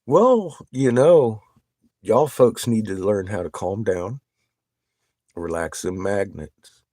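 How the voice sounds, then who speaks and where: A man chatting casually with viewers on a livestream. He swears constantly, gets excited and laughs often. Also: on the low side, slow, no echo.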